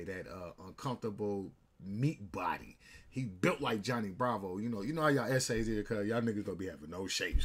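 Husky man telling a street story. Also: lowish voice, fairly bright tone. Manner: rambling, slangy street talk. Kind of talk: casual storytelling.

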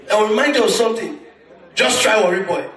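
A Nigerian male stand-up comedian performs in Nigerian Pidgin before a live audience in a large concert hall, speaking fast with a high, forceful voice. His storytelling is loud and animated, with sudden jumps in pitch. The recording echoes, with the mic set a bit away from him and crowd noise audible.

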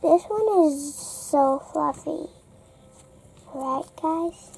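A young girl hosting a casual slime vlog, chatty and unhurried, often dropping to a soft near-whisper. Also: high voice, gravelly, low-quality recording. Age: child. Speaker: young slime channel host. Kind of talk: casual toy vlog chat. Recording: faint background noise.

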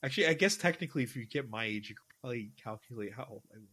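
A man's voice: medium pitch, lively intonation, rapid-fire, bright, forceful tone, slightly rough. A young man in his twenties, co-hosting a podcast, rambling casually with lots of fillers and restarts. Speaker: podcast co-host. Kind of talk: casual chat.

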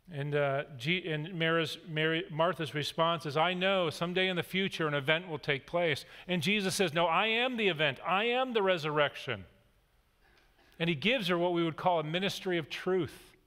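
A man's voice: fairly high pitch, bright, forceful tone. A man in his forties preaching a sermon, reading scripture and telling stories in an earnest, conversational way. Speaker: pastor. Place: large church hall. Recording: long hall reverb.

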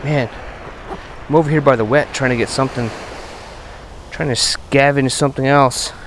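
On a beach at night, a man metal detects while giving a casual running commentary, talking to his finds with excited bursts. His voice is mid-range and normal in speed, he's out of breath, and the background is noisy.

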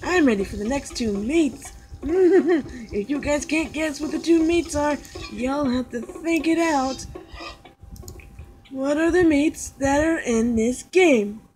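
Playful high-voiced woman gamer. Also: slow pace, darkish tone, poor audio. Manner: playful, jokey. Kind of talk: casual let's play commentary.

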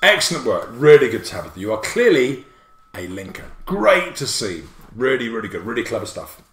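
A man giving a playful, jokey livestreamed spelling lesson, full of quick asides. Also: medium pitch, sing-song, fairly bright tone, roomy sound. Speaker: spelling teacher.

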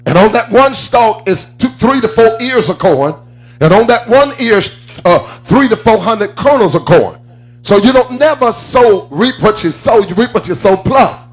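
Male preacher, very high voice, chanting sing-song sermon delivery, faint music underneath.

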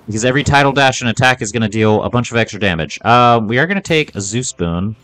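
A man's voice: mid-range voice, expressive, fast, a bit bright. A man giving playful, self-mocking commentary while playing a video game. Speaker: gaming video host. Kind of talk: let's play commentary.

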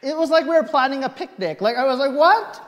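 A male pastor preaching a sermon through a personal story, swinging from quiet asides to outright shouting. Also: extremely high pitch, expressive, fast. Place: church sanctuary. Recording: long reverb of a church hall.

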